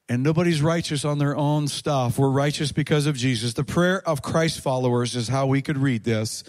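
A man's voice: mid-range voice, moderate pace, few pauses, a little mellow. A man preaching a sermon to his church, leading the congregation in call-and-response and stressing points with repetition. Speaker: pastor.

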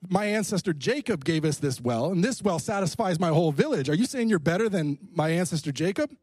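A man's voice: on the high side, animated, fairly quick, darkish tone, dry recording. A preacher voicing an indignant woman at a well. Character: skeptical, defensive Samaritan woman at a well.

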